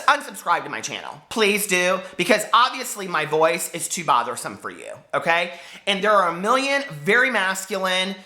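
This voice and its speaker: Squeaky high-voiced guy, 40s, bright voice, fired up and hurt, echoey room. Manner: impassioned and hurt, swearing. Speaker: book vlogger. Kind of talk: emotional vlog rant to camera.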